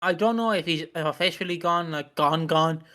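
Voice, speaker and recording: A man's voice: a little high, moderate pace, bright, forceful tone. A man co-hosting a podcast in casual chat, rambling and joking with lots of swearing. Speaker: podcast co-host.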